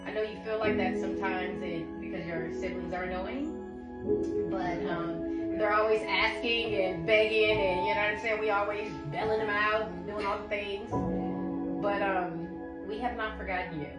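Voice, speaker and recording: A woman speaking as a parent in a casual family home video, talking heartfelt and unhurried to her daughter. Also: mid-range voice, fairly even intonation, far from the mic. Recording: echoey room, loud music over it. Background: loud music.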